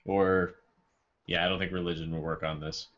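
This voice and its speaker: Deep-voiced male player, bright tone, muffled mic. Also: little pitch movement, normal speed. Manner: asks rules questions. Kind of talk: casual tabletop role-play.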